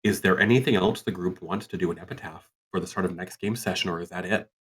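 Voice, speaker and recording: A man narrating a tabletop game as game master over an online call, relaxed and rambling. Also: sits low, fast talker, husky.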